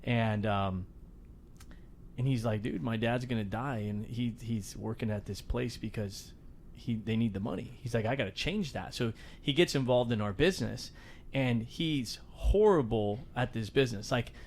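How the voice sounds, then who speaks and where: A man hosting a podcast interview, telling animated stories and acting out quotes. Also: medium pitch, normal speed, a little hiss or hum. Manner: animated storyteller, acts out quotes loudly. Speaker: podcast host. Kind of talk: casual interview chat.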